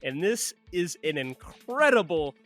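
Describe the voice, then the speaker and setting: Lively young man, bright animated voice. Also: on the high side, unhurried, faint music behind. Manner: animated, laughs often, jokey. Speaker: podcast co-host. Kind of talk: casual movie podcast chat.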